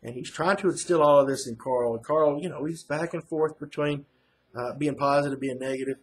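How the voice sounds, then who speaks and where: A man's voice: fairly high pitch, a little fast. A man giving a casual, rambling recap of a comic book issue as a reviewer, full of fillers and restarts. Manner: rambling, filler-heavy retelling. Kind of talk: casual first-reaction recap.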